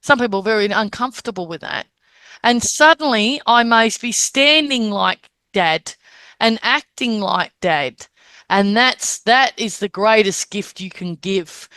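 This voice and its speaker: This woman medium, speaking a little slowly in a mid-range voice that is bright and forceful, describes how spirit communicators are recognised. She acts out the spirits' words and gestures and keeps checking in with "Okay?" There is no echo in the recording.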